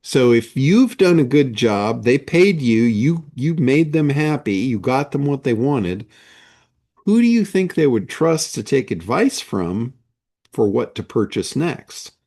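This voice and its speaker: Brief: male coach, unhurried measured delivery, emphatic rhetorical style, mid-pitched. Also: very animated, dark tone. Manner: slow, emphatic, with rhetorical questions. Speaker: business coach. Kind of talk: motivational monologue.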